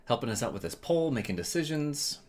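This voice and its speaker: A man's voice: medium pitch, sing-song, brisk, a little mellow. A man hosting a casual livestream, friendly and thankful, often stumbling and repeating words. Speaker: streamer host.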